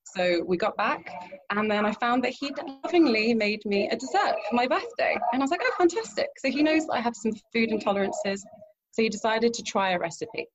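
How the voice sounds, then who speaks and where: A woman guest in an interview, telling a lively anecdote and acting out what people said, laughing often. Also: a little high, brisk, background noise. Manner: animated anecdote with acted-out quotes, laughs often. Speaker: guest, romance event planner. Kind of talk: storytelling in an interview.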